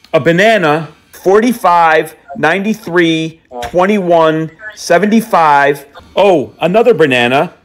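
A man placing a prank call in a slightly raised voice, reeling off absurd lists with a straight face. His delivery is deadpan and rambling, quietly playful. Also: a little high. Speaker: prank caller.

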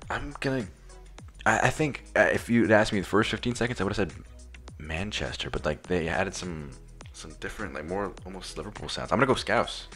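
Very deep-voiced American man. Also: lively intonation, brisk, a bit bright, faint music behind. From United States. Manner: hesitant, thinking aloud with many restarts. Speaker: quiz contestant. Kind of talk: casual chat.

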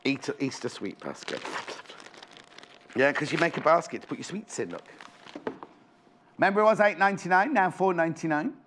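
A chatty man hosts a live TV shopping show from a studio, talking on a clip-on mic. His voice sits fairly high for a man and swoops up and down with lively energy as he fusses over each item he shows. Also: normal speed, long pauses, a little hiss or hum. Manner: chatty, bubbly, fussing over items on show. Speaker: shopping channel presenter. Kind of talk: live TV sales chat. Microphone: clip-on microphone.

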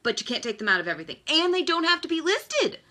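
A woman's voice: very high voice, big pitch swings, fast, bright, forceful tone. A woman in her thirties hosting a live stream, talking in a ranting, exasperated way about everyday hazards. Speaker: host. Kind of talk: Facebook Live talk.

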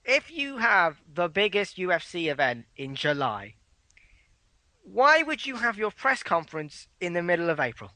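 Bright-voiced man, blunt and sweary. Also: sits high, big pitch swings, normal speed, no room sound. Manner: blunt, swearing, chatty news recap. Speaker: podcast co-host. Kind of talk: casual chat.

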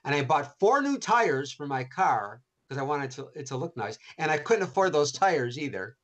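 A man, an author and interview guest, telling animated anecdotes with many restarts. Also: fairly high pitch, normal speed. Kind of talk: storytelling interview.

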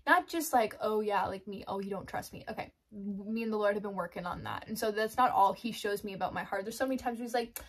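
A woman's voice: mid-range voice, fast. A woman giving a casual devotional talk, chatty, laughing often and acting out her own inner thoughts. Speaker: Christian devotional vlogger. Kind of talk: casual faith talk to camera.

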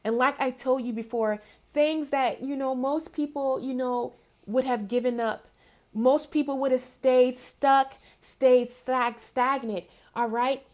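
A woman's voice: high-pitched, fairly even intonation, slow, darkish tone. A young adult woman giving a casual, affectionate tarot reading, talking chattily with lots of fillers. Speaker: tarot reader. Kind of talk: casual spiritual card reading.

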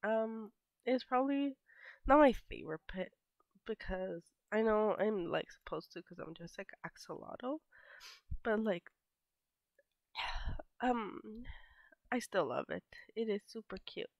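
A woman in her twenties with a sick, stuffy voice, chatting softly over gameplay and trailing into whispers. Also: medium pitch, slow pace, long pauses, no echo. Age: 20s. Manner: soft-spoken, drifting into whispers. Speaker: gaming YouTuber. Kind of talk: casual gameplay commentary. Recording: slightly dull lo-fi mic.

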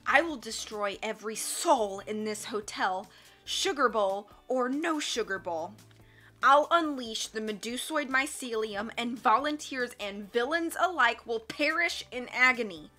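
A woman's voice: on the high side, expressive, soft background music. A snarling villain, as a woman reader puts him on. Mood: menacing. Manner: loud snarling threats, slow and drawn out. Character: menacing villainous grown man, greedy and cruel.

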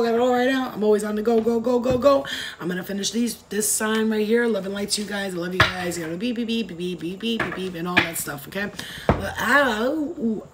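A woman giving a casual tarot reading to camera, excitable and exclamatory, swearing freely. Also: medium pitch. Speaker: tarot reader. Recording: noisy recording with clicks.

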